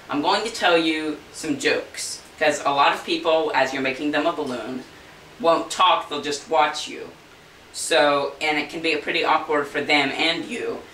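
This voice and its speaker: A man's voice: a little high, sharp tone. A man who makes balloon animals, telling his favorite jokes to the camera in a chatty, folksy way. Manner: folksy, chatty, slips into funny voices for characters. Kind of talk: casual joke telling to camera. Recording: roomy echo, far from mic, faint hiss.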